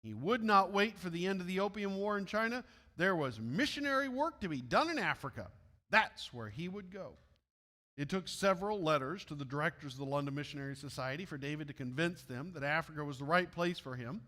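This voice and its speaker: A man's voice: fairly high pitch, lively intonation, a little fast, bright, forceful tone, big-room sound. Midwestern man reading a story in church. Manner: friendly asides to listeners. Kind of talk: reading a missionary story aloud.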